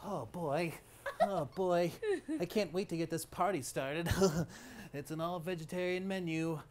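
A man performing in a live improv comedy scene, excitable and laughing between lines. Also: fairly high pitch, a little slow. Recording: live stage with audience.

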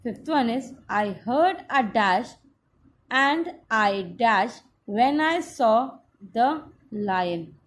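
A woman teacher with an Indian English accent, giving a slow, patient class lesson that spells out each step. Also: on the high side, expressive.

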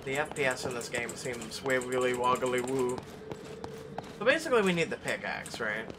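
A man giving gameplay commentary in quiet, sarcastic, mumbled asides. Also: mid-range voice, lively intonation, moderate pace, noisy background. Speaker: gamer. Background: game music.

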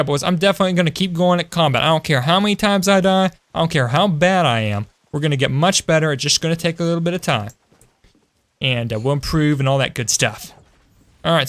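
Young man, game streamer, slightly high voice, chatty and rambling, home mic with faint noise. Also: fairly bright tone. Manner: chatty, addresses viewers as boys, reads chat aloud. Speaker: gaming streamer. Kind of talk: casual live-stream commentary. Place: home room.

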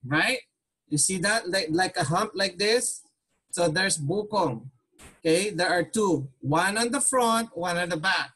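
A man's voice: high-pitched, pushed and bright. Patient man teaching a language class. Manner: patient, repeats questions, mixes Tagalog and English. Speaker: Tagalog teacher.

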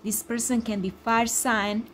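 A woman's voice: on the high side, a little slow, slight background noise. Emphatic woman reading tarot cards. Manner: emphatic and repetitive, with excited exclamations; non-native English speaker. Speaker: tarot reader.

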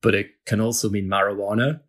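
A man's voice: fairly low pitch, steady tone, fast talker, a bit bright. A man, a guest author, chatting casually and explaining things with frequent hedges and laughs. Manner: chatty, hedging with "kind of", laughs often.

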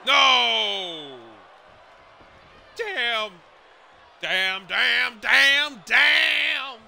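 A man with a very high, piercing voice and a gravelly edge calls the match with excited play-by-play commentary. He swings widely in pitch, shouts and exclaims often, and swears freely. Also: drawn-out words, a faint crowd, slight background noise.

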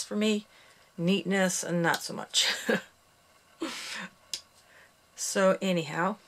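A woman's voice: medium pitch, a bit bright, a little hiss or hum. A woman hosting a casual craft tutorial, counting the steps aloud and making chatty asides, a little out of breath. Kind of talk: casual loom bracelet tutorial.

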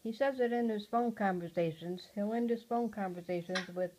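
A woman at home talking to her pet parrot in a casual home video, cooing softly and often dropping to a hush. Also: medium pitch, normal speed, a little hiss or hum, rough recording. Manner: soft, cooing talk to a pet, often hushed.

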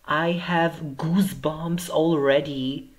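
A man's voice: on the high side, steady tone, takes it slowly, faint music behind. A man hosting a reaction video, talking in effusive, exclamatory bursts of praise. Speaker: YouTube reaction host.

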